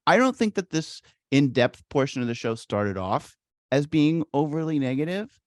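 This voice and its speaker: A man's voice: fairly high pitch, big pitch swings, normal speed, dry recording, clean studio sound. A man co-hosting a podcast in casual, opinionated chat, wry and critical, often laughing. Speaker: podcast co-host.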